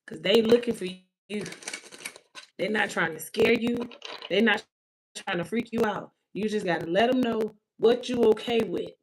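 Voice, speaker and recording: On an emotional live stream, a woman tarot reader speaks to her viewers in a medium-pitched voice, repeating herself and nearly in tears. Her manner is spiritual, and she closes with a prayer; the audio quality is poor.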